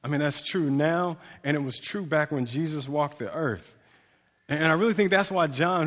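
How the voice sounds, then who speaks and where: A male pastor delivers a sermon in a loose, conversational way, often restarting phrases and leaning on fillers. His voice sits a little high for a man. A long hall reverb trails behind his words. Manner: casual, conversational preaching with many fillers and restarts.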